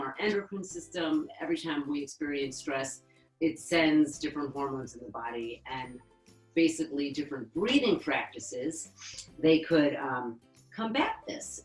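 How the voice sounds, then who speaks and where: Low-voiced woman guiding yoga breathing. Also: roomy sound, rough recording. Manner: calm, instructive, counts breaths slowly. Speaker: yoga therapist. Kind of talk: guided breathing lesson in a webinar. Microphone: webinar microphone.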